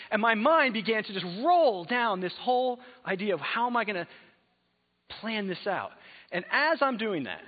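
In a large church hall, a male pastor preaches conversationally, shifting from soft, reflective passages to emphatic exhortation. His voice sits high with big pitch swings, brisk and slightly rough. The recording sounds phone-like, with the hall's long reverb.

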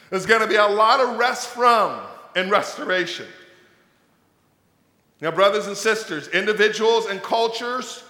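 A male pastor preaches with emphatic, repetitive force, his voice pitched high and bright. He sometimes slips into acted-out voices to make a point. The sound carries a long, echoey church-hall reverb. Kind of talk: sermon.

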